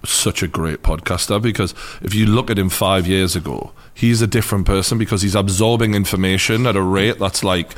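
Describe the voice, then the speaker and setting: A man with a Geordie accent interviewing a guest in a relaxed, conversational way, asking long, drawn-out questions. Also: low-pitched. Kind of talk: casual interview chat.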